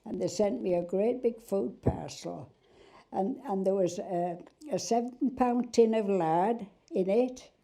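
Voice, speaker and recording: A woman's voice: mid-range voice, a little slow, creaky, mellow. An older woman telling a wartime memory with delight in an oral history interview. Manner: enthusiastic, delighted.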